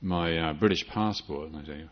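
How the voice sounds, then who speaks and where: With a bass voice and a moderate pace, an older New Zealand man gives a Buddhist dharma talk. He reflects aloud, frequently starting over mid-thought and slipping in light jokes. The audio is dull and lo-fi.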